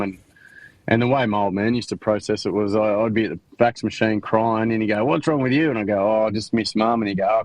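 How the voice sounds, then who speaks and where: His fairly low voice carries an Australian accent; he's from Queensland and, as a podcast guest, shares his life story frankly and slangily in a candid interview, restarting often and using many fillers. The recording is rough but has no echo.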